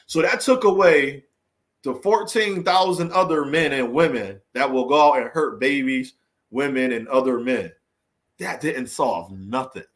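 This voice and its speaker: A man's voice: fairly high pitch, fairly bright tone. A man speaking in an unscripted, heartfelt monologue, earnest and preachy, full of restarts, repeated phrases and emphatic rhetorical questions. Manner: emphatic rhetorical questions, swinging between raised and subdued delivery. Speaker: vlogger giving a motivational talk.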